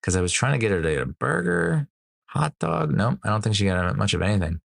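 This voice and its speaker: A man in his thirties hosts a podcast, laughing often as he tells rambling, profane stories in a casual chat. His lowish voice is sing-song and creaky, and he talks fast, with clean studio sound and no room echo.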